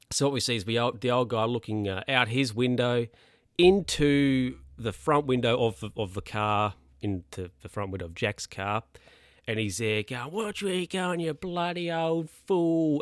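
A man's voice: fairly low pitch, a bit bright, dry recording, clean studio sound. A man casually recapping a film, rambling with lots of fillers and asides.

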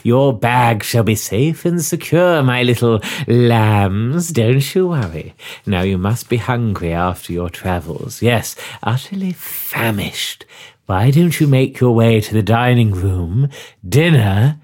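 A man voicing an eerie, fawning hotel hostess who croons her words slowly and with menace. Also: medium pitch, animated, darkish tone, pitched below the performer's own voice. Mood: sinister. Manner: slow, drawn-out, sinister crooning.

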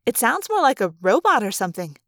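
A woman's voice: on the high side, big pitch swings, fast, fairly bright tone, no echo, clean studio sound. A woman voicing a bold, blunt teenage girl who speaks directly.

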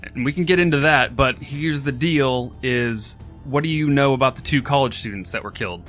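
A man's voice: medium pitch, moderate pace, fairly bright tone, faint music behind. A man playing a tabletop game, making wry, offhand remarks. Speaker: player.

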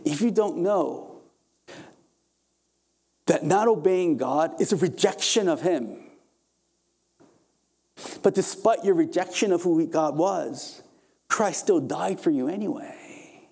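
A young adult man delivers a sermon with real fervor, his mellow, warm voice pitched a little high. He builds to emphatic peaks and then pulls back into quieter, gentler stretches. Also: expressive, takes it slowly, vocal fry, long pauses, husky. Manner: impassioned preaching, rising to emphatic peaks then dropping soft. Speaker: pastor.

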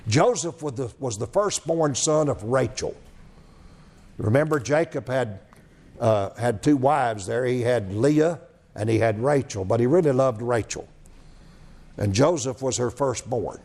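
A man's voice: mid-range voice, unhurried, gravelly, darkish tone. A man preaching a sermon, telling a story, repeating phrases and asking rhetorical questions.

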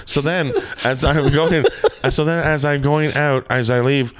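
A man casually telling a backstage story, animated and swearing freely as he acts out what people said. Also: fairly high pitch, measured pace, clean tone.

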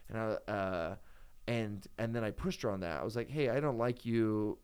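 A man's voice: lowish voice, normal speed, darkish tone, smooth. A man talking casually and at length, rambling with many fillers and restarts as he tells a personal story. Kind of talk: casual chat.

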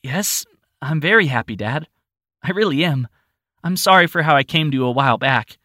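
A man's voice: lively intonation, normal speed, sharp tone, no echo, studio quality. A man voicing a frightened grown woman searching for her missing daughter, speaking in a raised, pleading voice. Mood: earnest. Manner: raised pitch, pleading and earnest.

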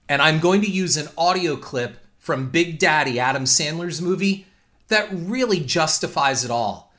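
A man's voice: fairly high pitch, animated, normal speed, bright, forceful tone. A man hosting a talk show, delivering a blunt, indignant and profane opinion rant. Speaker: podcast host.

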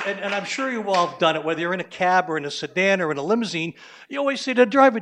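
A man's voice: sits high, expressive, racing, noisy background. A man in his sixties, a limousine driver, telling a salty, blunt story live on stage.

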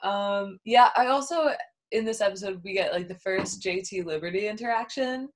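A woman co-hosting a podcast, recapping a TV episode in casual chat with giggly, animated delivery. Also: medium pitch, normal speed. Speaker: podcast co-host.

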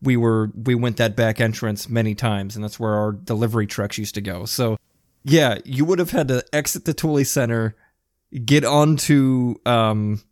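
A man's voice: mid-range voice, moderate pace, a little mellow, dry recording, clean studio sound. A man chatting casually, rambling a bit and searching for words. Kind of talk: casual chat.

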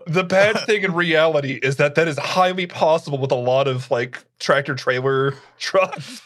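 A man's voice: fairly high pitch, normal speed, a bit bright. A man playing in a tabletop game, stammering and laughing as he describes his actions. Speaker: player. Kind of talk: tabletop role-play.

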